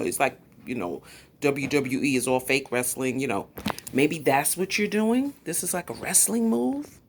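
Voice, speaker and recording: A woman with a New York accent rants on a livestream, sassy and confrontational. Her voice sits low. She hammers each point with emphatic, pointed delivery. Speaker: YouTube commentator. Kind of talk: livestream commentary rant.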